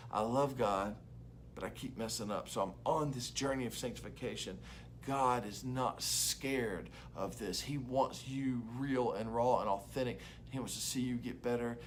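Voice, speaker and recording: A young man preaching an earnest, conversational devotional sermon to students, slipping into quick acted-out voices. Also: mid-range voice, a little hiss or hum. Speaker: youth pastor.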